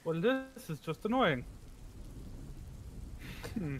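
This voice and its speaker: A man's voice: sits high, big pitch swings, slow, a little hiss or hum. A man playing a tabletop game, joking around playfully and laughing often. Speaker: player. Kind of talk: casual tabletop play.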